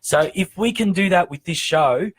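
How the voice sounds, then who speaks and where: A man with an Australian accent hosting a casual music chat show, talking in a hesitant, halting way with many restarts. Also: high voice, slightly rough. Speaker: show host.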